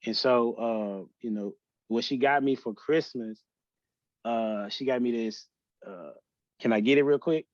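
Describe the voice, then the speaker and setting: A man with a mid-range voice talks as a podcast guest about something personal and emotional, stumbling through restarts and fillers. The recording sounds dry and muffled.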